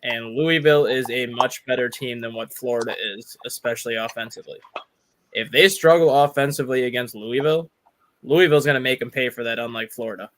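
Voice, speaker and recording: A man's voice: mid-range voice, a little fast, a bit bright, slight background noise. A man on a sports panel giving casual, confident analysis.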